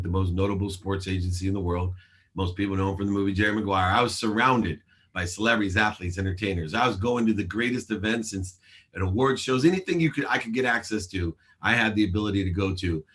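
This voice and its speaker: A man's voice: lowish voice, a bit bright. A man in his forties, a show host, telling his life story in an interview with earnest, emphatic delivery and acted-out dialogue.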